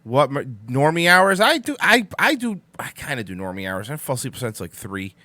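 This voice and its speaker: Young man, morning stream host, sarcastic, rambling, lively swoops, dry close sound. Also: medium pitch, moderate pace, no echo. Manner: rambling, sarcastic, swears casually. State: yawning, sleepy in the morning. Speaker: host of a live-streamed morning talk show. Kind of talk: casual live-stream chat reading the chat.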